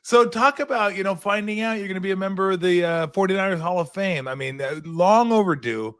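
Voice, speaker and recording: A man's voice: sits high, a little fast, fairly bright tone, clean tone, no echo. A man hosting a talk show, asking long, rambling, enthusiastic questions in a casual way. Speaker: host. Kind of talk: casual interview chat.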